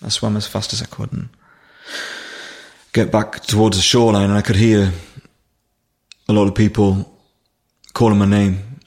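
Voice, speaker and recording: Emotional and halting, a man from Durham in England shares his own story as a podcast guest, restarting often. He speaks in a flat, gravelly voice on the low side.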